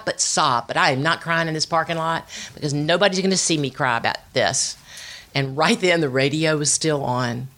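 A middle-aged woman, giving a personal testimony and telling it with animated storytelling, acting out family voices. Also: low voice, normal speed. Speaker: speaker sharing her testimony.

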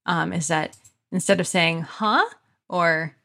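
A woman co-hosting a casual podcast, talkative and easily amused. Her voice sits a little low for a woman, and she slips in plenty of quick asides. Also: vocal fry, pushed and bright. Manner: chatty, laughing, quick asides. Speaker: podcast co-host.

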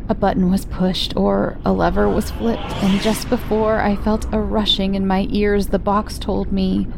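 A woman giving a scripted story narration in a hushed, often half-whispered voice, with music playing behind her. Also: medium pitch, level tone, measured pace, gravelly, background noise.

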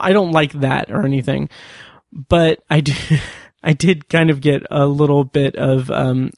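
A man with a slightly high voice talks loosely as a podcast host, stumbling through fillers and restarts. The sound is dry and close, with no room around it. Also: no echo. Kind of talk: casual review talk.

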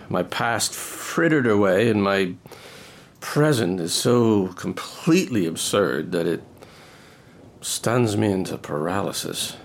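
An actor playing a bitter, drunken middle-aged estate manager, rambling and self-pitying in a stage drama. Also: male voice, lowish voice, gravelly, full character voice. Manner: rambling, melancholy, pleading.

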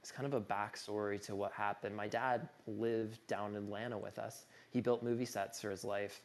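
Man, young adult, low gravelly voice, earnest, casual fillers, personal storytelling. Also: fairly even intonation, normal speed. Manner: earnest, conversational, with many "like" fillers. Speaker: speaker telling his story.

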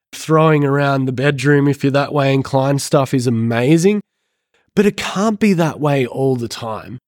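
A man speaking as a counsellor on a podcast, earnest and excitable as he explains. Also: medium pitch, dry recording, studio quality. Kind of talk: podcast discussion.

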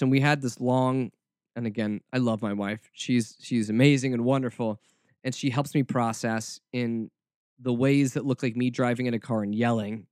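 Close to the microphone, a man riffs through a casual podcast monologue that's snarky, meandering, and constantly restarting. His voice sits in the mid range, and the room has no echo.

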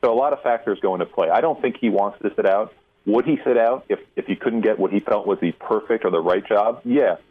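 Over a thin, boxy, tinny phone line, a deep-voiced man answers radio interview questions about college football. He sounds like a seasoned insider on call-in radio, breaking things down in a measured way and stressing his key points.

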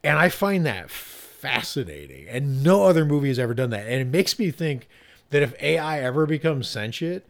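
A man co-hosting a casual film discussion, animated, swearing and laughing often as he talks. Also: medium pitch, moderate pace.

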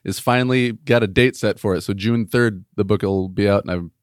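Male author guest, low voice, relaxed and thoughtful, dry close mic. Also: fairly quick, no room sound. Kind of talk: casual chat.

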